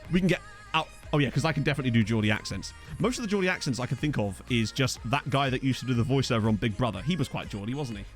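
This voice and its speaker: A tired man chatting casually as a game streamer, rambling and self-deprecating while answering viewers, with lots of fillers. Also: mid-range voice. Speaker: gaming streamer. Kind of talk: casual let's-play chat reading viewer comments.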